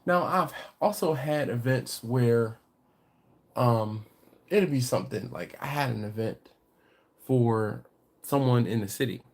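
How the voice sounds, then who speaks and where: A man's voice: mid-range voice, a little slow. A middle-aged man with a congested voice, hosting a barbecue channel's live stream in a casual, rambling way with many fillers and restarts.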